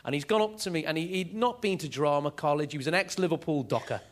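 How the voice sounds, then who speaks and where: A man's voice: on the high side, fast. A man doing a stand-up comedy set, telling stories with energy. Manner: energetic, animated storytelling.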